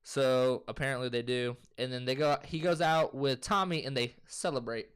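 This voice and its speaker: A young man, co-hosting a casual chat and loosely retelling a movie plot with profanity and quick voices. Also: mid-range voice, clean tone. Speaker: co-host.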